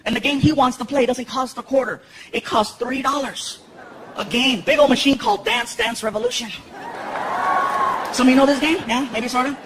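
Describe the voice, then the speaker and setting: A man in his thirties telling stand-up stories on a live stage, animated and full of character voices. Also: very high-pitched, moderate pace. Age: 30s. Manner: animated, lots of character voices and shouted punchlines. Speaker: stand-up comedian. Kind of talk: stand-up comedy storytelling. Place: large theater stage. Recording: noisy live venue, echoey hall with loud crowd. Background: audience laughter and crowd noise.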